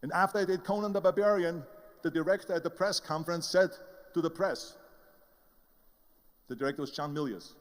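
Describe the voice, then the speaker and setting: Fairly quick but with long pauses, an older man with an Austrian German accent gives an emphatic motivational speech, relating his story and playing its characters. His voice runs high, and the room sounds big.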